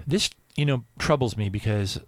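Man, Bible teacher, informal preaching, animated, stumbling restarts, bone-dry recording. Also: medium pitch, measured pace, no echo. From Pennsylvania, US.

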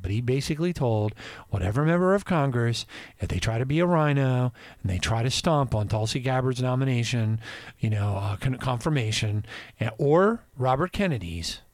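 A man hosting a podcast, giving casual news commentary in an animated, digressive way and laughing often. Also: mid-range voice, moderate pace, no room sound. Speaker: podcast host.

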